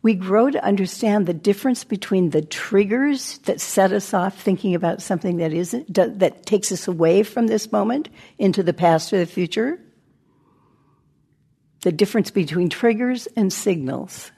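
A woman teaching meditation in a relaxed, conversational way. Her voice is husky with a gravelly edge, and now and then it sinks to a near-whisper. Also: mid-range voice, moderate pace. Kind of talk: dharma talk. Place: meditation center talk.

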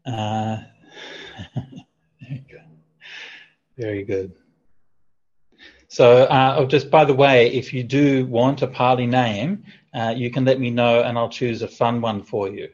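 A man teaching as a Buddhist monk over a video call, his voice a little husky and breathy. He talks in a relaxed, chatty way, with fillers and gentle jokes. The audio is dull and lo-fi. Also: medium pitch, slow, pauses often. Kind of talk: online teaching Q&A.

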